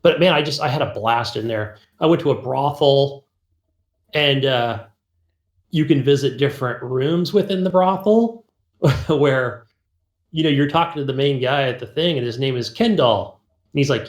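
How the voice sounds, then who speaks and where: Laughing through a meandering tale about a video game, this male podcast co-host performs the game's lines himself. His medium-pitched voice is expressive and moves at ordinary speed, with a roomy quality to the sound, and the conversation is relaxed gaming talk.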